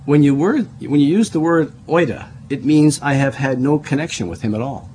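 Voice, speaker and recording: A man's voice: a little high, lively intonation, normal speed, mellow, slight background noise. Man teaching a verse-by-verse sermon. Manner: explanatory, repeats and restarts words, spells words out. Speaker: preacher. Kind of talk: Bible study sermon.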